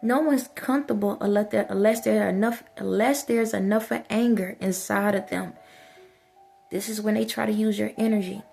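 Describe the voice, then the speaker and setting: Gravelly-voiced woman giving a spiritual talk. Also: medium pitch, fairly even intonation, normal speed, a little mellow, faint music behind. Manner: repetitive, soothing and urging, addressing an unseen listener. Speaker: spiritual vlogger. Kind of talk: impassioned spiritual monologue.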